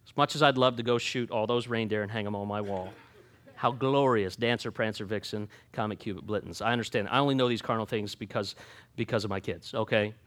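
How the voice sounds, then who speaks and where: A man preaching a sermon, folksy and joking, swinging from quiet asides to loud emphatic points. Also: fairly low pitch, brisk. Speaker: pastor.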